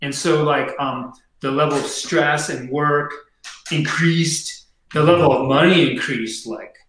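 Middle-aged male guest, bright, slightly high voice, laid-back slangy storyteller, echoey room. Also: fairly even intonation, a little slow, slight background noise. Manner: slangy, heavy on fillers and "dude". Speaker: podcast guest. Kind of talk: casual storytelling.

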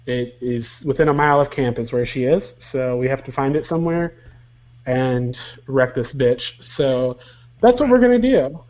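A man of medium pitch playing his character in a tabletop game. He rambles and hesitates, chuckling as he goes. His mic sounds somewhat dull and lo-fi. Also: steady tone. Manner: rambling, halting, chuckles through lines. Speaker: player. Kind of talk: in-character tabletop play over a voice call.

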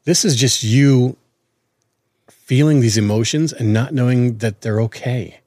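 A man's voice: mid-range voice, a little slow, warm tone, no echo, clean studio sound. Earnest man in his forties. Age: 40s. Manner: earnest, repeats and restarts words. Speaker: podcast co-host. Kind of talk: casual chat.

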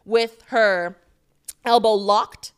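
Female co-host, clear smooth voice, animated playful chat. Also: mid-range voice, very slow. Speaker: podcast co-host. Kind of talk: casual chat.

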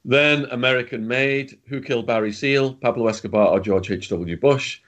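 A man's voice: medium pitch, normal speed, fairly bright tone. A man, a guest, telling casual prison stories in a blunt, swearing way. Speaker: guest, former prisoner and author. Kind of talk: casual storytelling.

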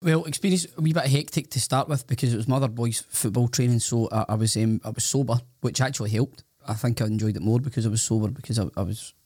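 A Scottish man co-hosts a casual podcast and tells his stories in a quick, rambling way, often restarting his sentences. His voice is recorded close and dry, and his humour is self-deprecating. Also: medium pitch, darkish tone, breathy edge, dry recording. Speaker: podcast co-host.

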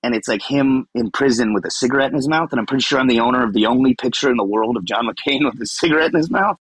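A man's voice: mid-range voice, fast talker, breathy edge, no echo. A man guest on a podcast, talking in a rambling, self-deprecating and emotional way. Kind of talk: candid conversational interview.

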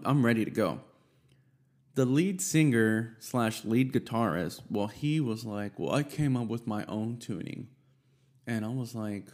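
A man's voice: lowish voice, creaky, darkish tone. A young man telling a rambling, profane story in casual chat, full of fillers and asides. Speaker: storyteller recounting a band experience.

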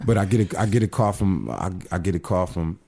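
Very deep-voiced man telling his testimony. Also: a little fast, vocal fry. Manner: earnest, animated storytelling with repeated restarts. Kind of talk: casual storytelling.

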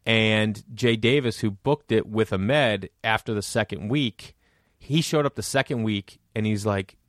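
Lowish-voiced man telling stories, dry sound. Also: unhurried, dry recording. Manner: animated, acts out quoted voices. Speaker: podcast guest, stand-up comedian. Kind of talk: casual storytelling chat.

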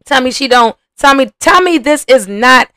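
A woman's voice: sits high, normal speed, no echo. A young adult woman, hosting a podcast and giving casual, profane reaction commentary while talking straight to her viewers. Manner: animated, profane, talks to viewers as y'all. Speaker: podcast host reacting to a reality show.

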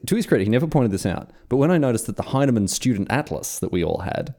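A man's voice: medium pitch, very animated, fast, mellow. A young man hosting a history podcast, telling wry, self-mocking school stories in casual chat. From Australia.

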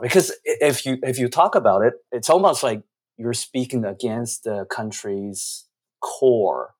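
A man's voice: mid-range voice, breathy edge. A man, giving earnest, reflective interview answers with frequent restarts. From China.

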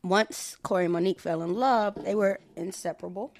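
A woman's voice: medium pitch, a little fast, gravelly, darkish tone. A woman co-hosting a casual true-crime podcast, telling the story in a laid-back way with slang. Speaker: podcast co-host.

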